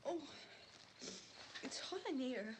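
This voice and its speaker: An actress playing a dazed, terrified young woman in a 1960s horror film, speaking in a breathy, trembling voice. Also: sits high, expressive, slow. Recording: hissy old film soundtrack.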